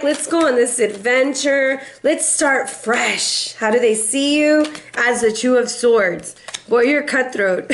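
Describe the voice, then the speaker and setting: A woman's voice: sits high, slight background noise. Playful, chatty middle-aged woman tarot reader. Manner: playful and chatty, breaks into song snippets; animated, acts out quoted voices. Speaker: tarot reader and life coach. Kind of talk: casual tarot reading.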